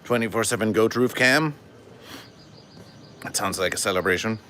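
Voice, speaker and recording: Male comic streamer, slow deadpan, stiff formal phrasing, bright edge. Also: fairly low pitch, faint music behind. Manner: deadpan, stilted formal phrasing, refers to himself in third person. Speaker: livestream host. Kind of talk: comedic livestream monologue to chat.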